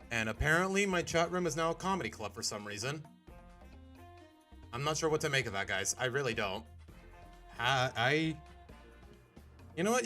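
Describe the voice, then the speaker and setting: Rambling young man streamer, animated. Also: a little high. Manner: rambling, talks to chat, self-correcting. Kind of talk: casual reaction stream.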